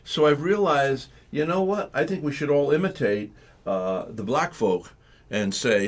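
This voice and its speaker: A man's voice: medium pitch, unhurried. A man hosting live morning talk radio, telling rambling stories and acting out the voices of the people in them. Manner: rambling, animated storytelling with acted-out quotes. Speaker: radio talk show host.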